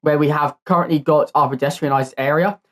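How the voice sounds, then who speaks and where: A man's voice: fairly high pitch, steady tone, brisk, fairly bright tone. A man hosting his own channel, giving casual gameplay commentary and thinking aloud in an easygoing way as he builds. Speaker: channel host.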